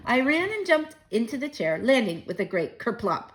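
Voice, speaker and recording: A woman reading a children's book aloud, gentle and chatty with young listeners. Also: on the high side, very animated, moderate pace. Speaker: children's story reader.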